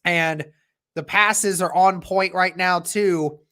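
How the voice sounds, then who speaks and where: Fan livestream host doing play by play, mid pitch, kinda halting and measured. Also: steady tone, bright, forceful tone. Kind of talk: casual livestream play-by-play commentary.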